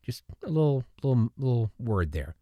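Earnest, rambling man, lively pitch. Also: moderate pace, no echo, phone-quality sound. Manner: earnest, rambling, frequent restarts and repeated words. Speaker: podcast host. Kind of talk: casual faith-based podcast talk.

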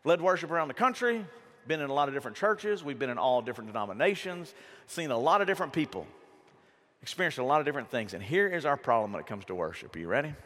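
A man preaching a lively sermon, telling stories and acting out quotes in raised voices. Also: fast. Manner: animated storytelling, acts out quotes in high voices. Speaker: pastor. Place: church sanctuary. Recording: long reverb of a church hall.

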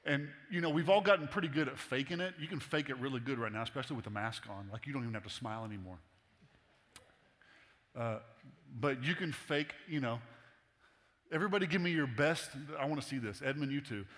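A man's voice: medium pitch, fast talker, fairly bright tone. A man preaching a sermon in a casual, humorous, conversational way to a congregation in a church. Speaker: pastor. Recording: long hall reverb.

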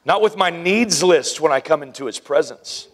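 Male preacher, somewhat high voice, lively storytelling sermon with acted voices and whispers. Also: normal speed. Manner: animated, acts out Bible scenes in voices and whispers.

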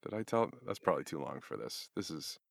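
A man, a narrator guest, telling stories in a laughing, animated way. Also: very deep voice, a little fast, gravelly. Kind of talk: conversational interview answers.

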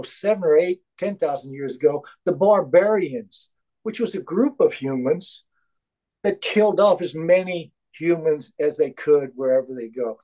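A man sharing his views in a spiritual study group, emphatic and halting, with many restarts. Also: a little high, mellow, low-quality recording. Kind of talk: heartfelt group discussion.

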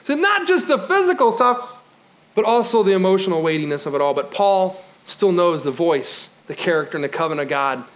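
A male pastor preaching a sermon in a conversational, emphatic way, moving from loud exclamations to quiet, low moments with light laughs. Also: lively intonation, a little fast.

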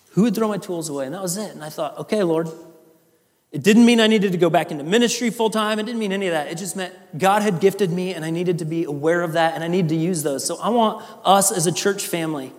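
Male pastor, high voice, earnest conversational sermon, long church reverb. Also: fast. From Iowa. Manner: earnest, conversational with fillers and restarts. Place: church sanctuary.

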